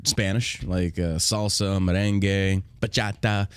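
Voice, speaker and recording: A man's voice: low-pitched, fairly even intonation, unhurried, smooth, no echo. An American man hosting a podcast, talking in a casual, profane and combative way, often laughing. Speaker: podcast host.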